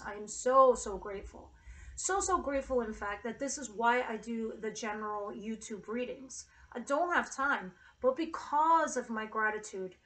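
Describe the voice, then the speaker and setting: A woman's voice: a little high, fairly bright tone, low-quality recording. A woman giving a casual tarot reading to camera, earnest and emotional, with casual swearing. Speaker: tarot reader.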